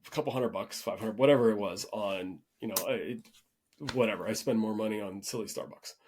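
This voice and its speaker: A man hosting a podcast, telling a story in a relaxed, rambling way with frequent restarts. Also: fairly low pitch, fairly quick, a little hiss or hum. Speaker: podcast host. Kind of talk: casual conversational storytelling.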